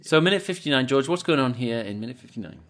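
A man's voice: medium pitch, lively intonation, quick pace, noisy background. A man co-hosting a podcast in casual chat, telling stories in a rambling, hesitant way. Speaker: podcast co-host.

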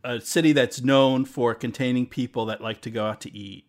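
Halting, dry-humored man on a podcast. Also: mid-range voice, fairly even intonation. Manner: halting, dry, stop-start phrasing. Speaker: podcast co-host. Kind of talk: casual chat.

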